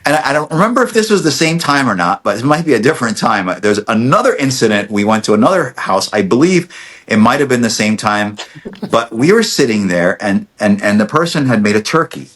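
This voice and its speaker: A man's voice: mid-range voice, fairly quick. A middle-aged man casually telling a family story on a podcast, acting out quotes with lots of restarts. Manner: animated storyteller, acts out quotes, many restarts. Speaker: podcast guest, dentist.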